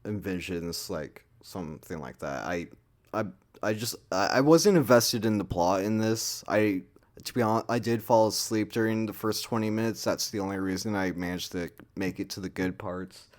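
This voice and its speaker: A man's voice: on the low side, normal speed. A man giving a casual, rambling movie review, full of swearing and filler words.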